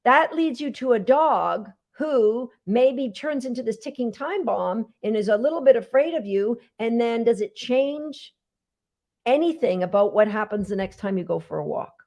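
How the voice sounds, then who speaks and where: A woman's voice: a little high, lively intonation, normal speed, darkish tone. A woman dog trainer hosting a casual live Q&A, chatty and emphatic, talking straight to her viewers. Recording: dull lo-fi sound.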